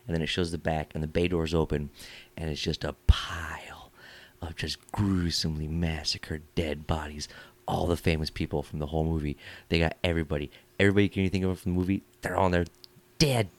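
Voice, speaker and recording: Deep-voiced joking podcast host. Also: male voice, little pitch movement, brisk. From California, USA. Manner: rambling crude storytelling, laughing often. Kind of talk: casual chat.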